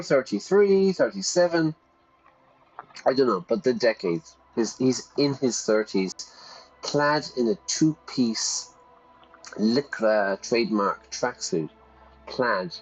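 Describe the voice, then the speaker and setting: A man's voice: medium pitch, darkish tone, lo-fi sound. A British or Irish man teaching English while reading game dialogue aloud and explaining phrases. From Britain or Ireland.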